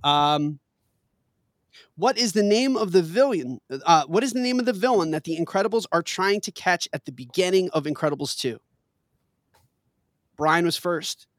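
A man's voice: sits high, animated, moderate pace, pauses often, no room sound, studio quality. A man hosting a casual trivia game with friends, reading questions aloud and laughing often. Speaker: quiz game host.

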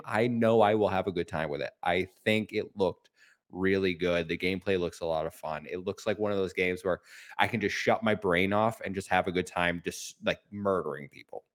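A man's voice: sits low, normal speed. Man talking games on a podcast. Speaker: podcast guest. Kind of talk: casual chat.

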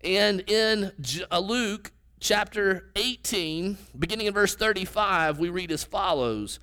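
A man's voice: sits high, a little slow, pushed and bright, clear, resonant tone. A man preaching a sermon in a conversational teaching manner, asking his listeners questions.

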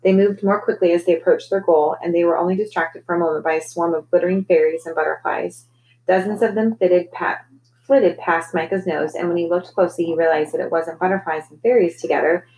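A woman, a teacher, reading a children's novel aloud in a gentle, clear storytelling manner. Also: on the low side, steady tone, fairly quick, rough recording.

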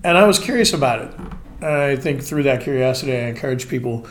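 Forties male guest, chatty anecdotal storyteller, even mid voice, casual talk. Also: mid-range voice, fast, slight background noise. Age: 40s. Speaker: podcast guest, spirits brand manager.

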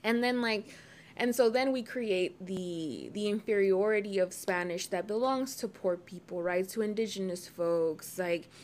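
A woman's voice: mid-range voice, a little slow, a little mellow. A woman in casual conversation on a podcast, talking animatedly and often ending her points with "right?" and filling with "like". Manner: frequent "like" fillers.

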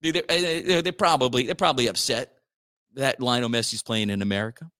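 A man's voice: mid-range voice, a little fast, pushed and bright. A male radio host rambling through sports news in a slangy, casual chat. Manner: rambling, slangy, says dude a lot.

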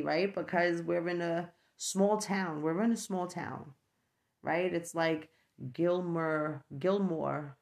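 Slow gravelly New York woman. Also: lowish voice, darkish tone. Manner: chatty, frank, peppers talk with "right?"; laughs often between thoughts. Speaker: vlogger and mother. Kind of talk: casual reflective talk to camera.

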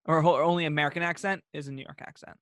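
A man co-hosting a podcast, chatting casually and telling animated, opinionated stories. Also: fairly high pitch, rapid-fire, no echo. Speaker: podcast co-host. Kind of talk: casual chat.

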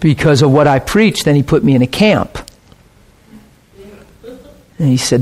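A man's voice: medium pitch, moderate pace, long pauses, a little mellow. A man preaching a conversational sermon, telling stories with casual, emphatic asides.

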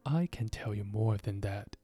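A man voicing a solemn, impatient griffin creature in a storybook reading, with a deep voice. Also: unhurried, mellow, breathy edge, faint music behind.

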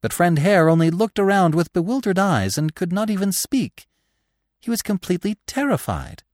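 A man narrating a classic novel for a podcast, dramatic, dropping to a hush and then rising to loud passages. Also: sits high, sing-song, normal speed, no room sound, studio quality. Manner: dramatic, with big swings between hushed lines and loud ones.

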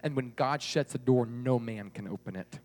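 A man's voice: mid-range voice, normal speed, darkish tone, in a large hall, voice pushed down, lightly acted. A man voicing a very old man who patiently and earnestly explains things.

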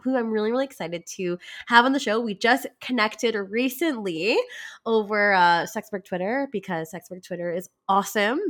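A woman's voice: medium pitch, moderate pace, a bit bright. A woman hosting a podcast, chatty and upbeat with many fillers, congested from a cold. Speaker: podcast host. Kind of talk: casual podcast intro.

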